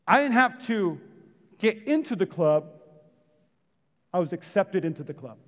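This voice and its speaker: A man pastor delivering a dynamic sermon to his congregation. His voice sits high and swings from loud shouted lines to soft, almost whispered phrases. The sound carries a long reverb from the church hall. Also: sing-song, measured pace, pauses often. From United States. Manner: calls out to the congregation.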